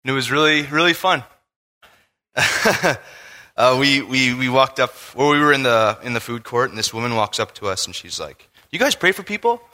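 Male preacher, bright and ringing voice, long hall reverb, casual storytelling sermon. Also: medium pitch, moderate pace. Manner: casual, animated storytelling with laughs. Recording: long reverb of a large room.

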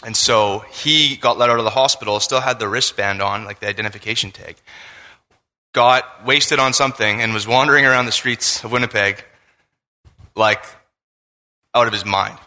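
A man preaching a casual, animated sermon, telling a personal story. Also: lowish voice, moderate pace. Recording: long reverb of a large room.

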